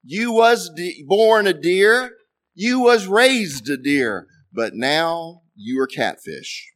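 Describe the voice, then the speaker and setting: A man voicing a sly Cajun fellow, speaking slowly and deliberately in a raised voice. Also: sits high, big pitch swings, fairly bright tone, voice pushed up, heavily acted. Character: plain-spoken Cajun man, sly and deadpan.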